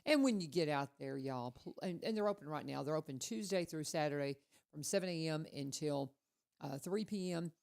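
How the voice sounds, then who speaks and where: A woman hosting a casual radio chat, telling stories in a chatty, animated way. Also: deep voice, brisk, vocal fry. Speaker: radio host.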